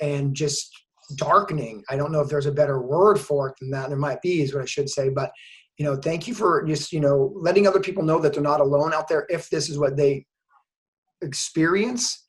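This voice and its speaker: An enthusiastic man hosts an interview in a loose, casual way. He talks openly about his feelings and fills his speech with "like" and "you know." His voice sits fairly high for a man. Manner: enthusiastic, emotional, lots of fillers like "like". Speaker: host, course creator.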